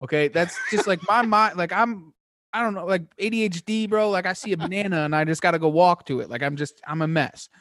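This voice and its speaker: A man telling a hunting story as a podcast guest, excitable and rambling, with lots of high energy. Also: brisk, no room sound, clean studio sound. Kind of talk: casual chat, hunting story.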